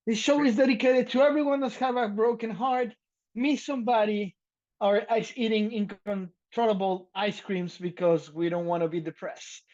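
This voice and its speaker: A man co-hosting a podcast, talking loudly and excitedly in casual chat and laughing often, with a slight lilt. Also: high-pitched, moderate pace, dull audio. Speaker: podcast co-host.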